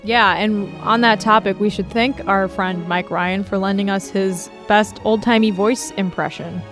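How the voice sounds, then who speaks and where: A woman's voice: mid-range voice, fairly even intonation, unhurried, a bit bright, faint music behind. Playful woman podcast co-host. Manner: playful, laughs often, jokey. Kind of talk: casual chat.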